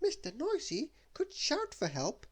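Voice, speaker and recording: A man voicing a bouncy little woman cartoon character in a high, chirpy voice for a storybook reading. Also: wildly swooping pitch, a little slow, dry recording, heavily acted. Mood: helpful.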